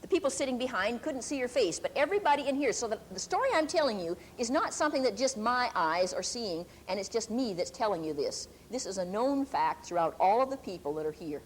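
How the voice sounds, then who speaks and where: An older woman preacher telling a testimony in a sermon, deliberate and emphatic, drawing out key words slowly. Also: fairly high pitch, sing-song, a little hiss or hum. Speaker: preacher and Bible teacher.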